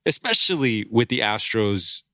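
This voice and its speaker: A man's voice: on the low side, sing-song, moderate pace, sharp tone, no echo, studio quality. A man co-hosting a sports podcast, giving emphatic opinions in casual chat. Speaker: podcast co-host.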